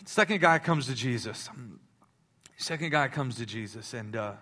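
A male pastor in his thirties preaching a sermon, swinging between loud impassioned preaching and soft confiding talk, with many stammering restarts. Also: mid-range voice, expressive, moderate pace.

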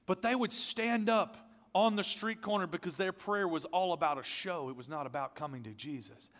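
A man preaching a sermon as pastor, energetic and conversational, with self-deprecating asides, and without a deep voice. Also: moderate pace, big-room sound. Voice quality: not a deep voice.

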